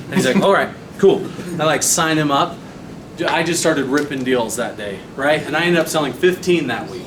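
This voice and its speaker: A young man giving a motivational sales training talk, telling a personal story in an animated way and acting out his own quotes. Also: on the high side, a little fast. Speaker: sales trainer presenting to a team. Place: meeting room. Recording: echoey room, mic far off, noisy.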